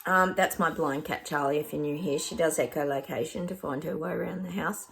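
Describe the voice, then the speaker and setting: A woman's voice: low voice, fairly quick, gravelly, fairly bright tone, slight background noise. A woman with an Australian accent, a psychic chatting casually to camera in a rambling way, often stopping to laugh.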